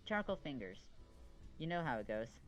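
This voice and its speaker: A man's voice: mid-range voice, big pitch swings, normal speed, faint music behind, natural voice. A man voicing a teasing, mysterious teenage schoolgirl in a visual novel game. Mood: sly.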